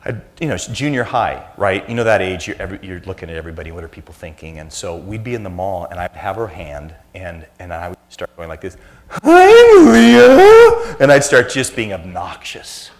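A man's voice: low voice, a little fast, hardly any pauses. A man in his fifties, a church speaker giving a conversational sermon full of self-deprecating family anecdotes.

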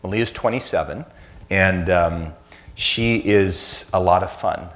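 A man's voice: low-pitched, takes it slowly, fairly bright tone. A man in his fifties, a church speaker giving a conversational sermon full of self-deprecating family anecdotes.

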